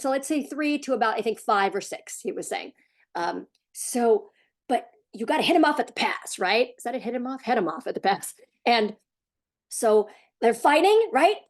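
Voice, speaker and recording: Mom coach lady in her 40s just chatting to the camera, animated, voice jumps way up when she acts stuff out. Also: on the high side. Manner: chatty, animated, laughs, acts out quotes with a raised voice. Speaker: parenting coach. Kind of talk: casual talk to camera.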